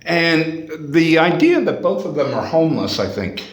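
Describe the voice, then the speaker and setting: A man's voice: on the high side, sing-song, moderate pace, slightly rough, no echo. A man giving a casual spoken reflection for his vlog, rambling with many fillers and restarts. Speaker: vlogger.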